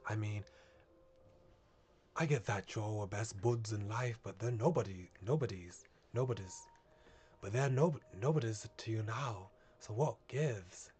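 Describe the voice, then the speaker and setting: A man putting on a gruff, sarcastic otherworldly guide from a dark visual novel, in an attempted Northern English accent. The low voice mocks and drags out its questions, rough and blunt. A faint hum of room noise sits under it. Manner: mocking, rough, drawn-out questions. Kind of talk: reading a visual novel aloud.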